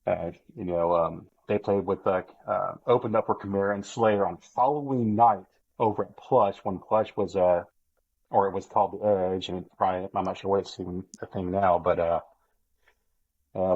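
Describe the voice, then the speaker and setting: Man, rambling host, low voice, dull lo-fi sound. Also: a little mellow, no echo. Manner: rambling, fillers and restarts. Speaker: podcast host. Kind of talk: casual chat.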